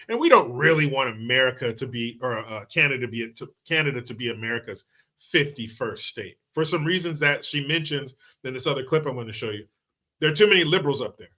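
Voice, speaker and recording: On his commentary channel, a crude, sarcastic man rants about politics in a slightly high, bright voice, swearing heavily and mocking freely.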